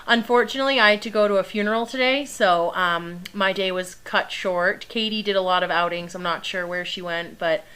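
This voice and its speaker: A woman's voice: mid-range voice, brisk, few pauses, bright, forceful tone, clear, resonant tone. A young woman training service dogs, chatting casually through a live Q&A, laughing often and filling with ums and likes. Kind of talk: casual livestream Q&A.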